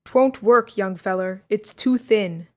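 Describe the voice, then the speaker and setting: A woman's voice: medium pitch, slow pace, natural voice. A surly, foul-mouthed stage driver who growls and snarls at his passengers, as a woman reads him in an audiobook, sounding close to her own plain reading voice.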